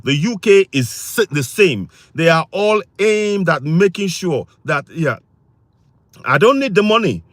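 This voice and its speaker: High-voiced man ranting on a livestream. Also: lively intonation, a little slow, fairly bright tone, no room sound. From Africa. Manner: insistent, repetitive, reads and answers chat comments. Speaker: livestream host. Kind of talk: impassioned political livestream talk.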